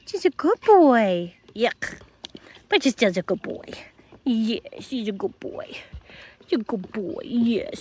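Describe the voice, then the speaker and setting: A high-pitched woman talking outdoors on her farm. She coos and coaxes at her animals in a sing-song voice, then turns chatty and down-to-earth as she vlogs. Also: expressive, a little slow. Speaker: farm vlogger. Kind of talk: casual vlog narration.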